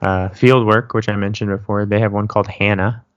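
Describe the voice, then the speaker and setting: A man co-hosting a podcast with a fairly low voice, knowledgeable and given to dry jokes. The audio is dry and close, with no room sound. It is slightly dull, missing some top end. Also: level tone, a little fast, smooth, no room sound. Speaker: podcast co-host. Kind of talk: casual chat.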